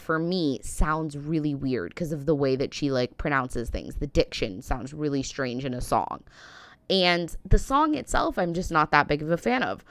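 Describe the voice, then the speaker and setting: A woman's voice: deep voice, fairly bright tone, no echo. An American woman in her thirties rambling through a casual, opinionated reaction vlog, full of "like" and "um". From United States. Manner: rambling, heavy use of "like" and "um". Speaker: reaction vlogger.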